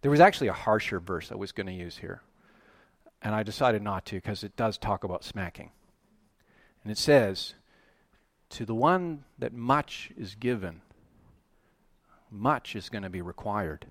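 A man preaching a sermon, animated and emphatic, often rising to loud, excited peaks. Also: on the low side, unhurried, long pauses, no room sound. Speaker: pastor.

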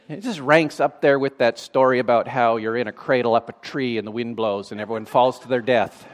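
A man's voice: medium pitch, a little fast, few pauses. A man preaching a sermon in a conversational way, with dry sarcastic asides.

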